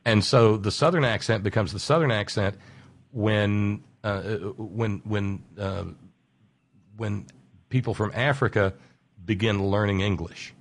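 A man with a fairly low voice who explains things at length. He stretches out key words for emphasis, then speeds through asides. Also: measured pace. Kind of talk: casual radio conversation.

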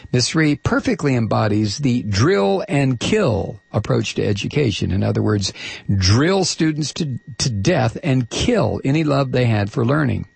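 A man with a gravelly, slightly husky voice reads a listener's letter on a talk show. He is emphatic and sarcastic and stretches out the words he wants to stress. The sound is dry and close. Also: medium pitch, no room sound. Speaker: talk radio host reading a listener letter. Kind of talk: reading a letter aloud on air.

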